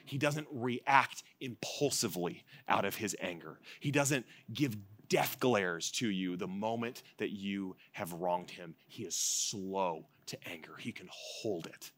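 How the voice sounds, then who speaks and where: Man preaching with hushed, emphatic swings. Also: fairly low pitch, measured pace, hardly any pauses, no room sound. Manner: swings from loud emphatic repetition to hushed soft delivery. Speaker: pastor. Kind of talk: sermon. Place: evening church service.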